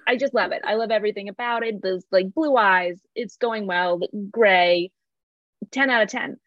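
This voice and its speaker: A woman's voice: medium pitch, normal speed, dry recording. Playful woman co-host on dull call audio. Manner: playful, opinionated, laughs easily. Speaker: podcast co-host. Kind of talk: casual podcast chat. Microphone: video call.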